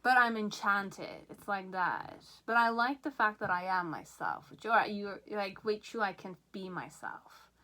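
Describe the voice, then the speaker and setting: A woman giving a pick-a-card tarot reading, excitable, often checking in with "okay?" and a bit out of breath. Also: medium pitch, measured pace, few pauses. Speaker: tarot reader.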